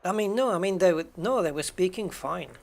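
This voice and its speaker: A British man from the United Kingdom streams a game and answers his chat casually, rambling and frequently correcting himself. His voice is high-pitched, expressive, brisk and gravelly, with a little hiss or hum in the audio.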